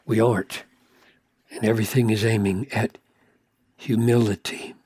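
A man teaching a sermon, slow and emphatic, sometimes dropping to hushed asides. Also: on the low side, little pitch movement, breathy edge, dry recording. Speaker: pastor.

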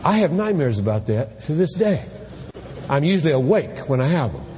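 A man preaching a sermon from the pulpit with impassioned delivery, at times rising to shouts. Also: fairly high pitch, sing-song, normal speed, big-room sound, a little hiss or hum. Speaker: pastor. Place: church sanctuary.

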